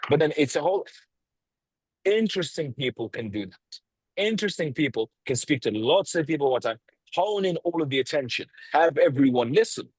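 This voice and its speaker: A man coaching on a video call, talking bluntly and swearing freely, with a lively tonality, deliberate pauses and stressed words. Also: on the high side, slightly rough, no room sound, poor audio. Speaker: sales coach.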